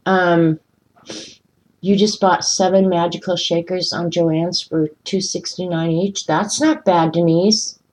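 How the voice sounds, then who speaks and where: A woman's voice: lowish voice, fairly even intonation, slow pace, darkish tone, rough recording. A woman hosting a casual live stream while coloring, chatting and ranting, answering viewers by name. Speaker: livestream host coloring art.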